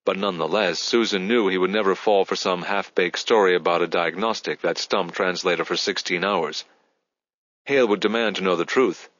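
Low-voiced male audiobook narrator. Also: no echo, highs cut off. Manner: measured, even storytelling. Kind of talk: scripted narration.

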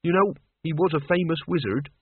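Man doing an earnest young fellow, pleading, a little higher, thin dry sound. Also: fairly quick, breathy edge, no echo. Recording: tinny narrow-band dry recording.

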